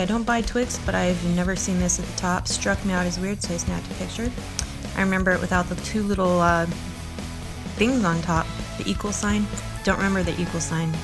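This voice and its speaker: Female vlog host with a gravelly voice, casual and earnest, a bit defensive. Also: lowish voice. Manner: rambling, earnest, defensive toward critics. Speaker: video host.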